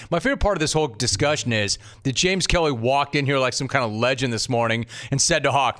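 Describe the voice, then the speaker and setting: A man hosting a sports talk radio show, riffing in an animated way and mock-scolding his producer. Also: mid-range voice, quick pace, hardly any pauses.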